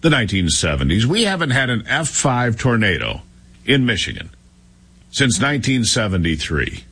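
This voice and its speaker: A man's voice: medium pitch, huge pitch swings, moderate pace, fairly bright tone, breathy edge. A middle-aged man co-hosting a talk radio show, chatting in a sarcastic, dismissive way. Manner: sarcastic, dismissive, mock-dramatic. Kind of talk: casual opinionated talk radio chat.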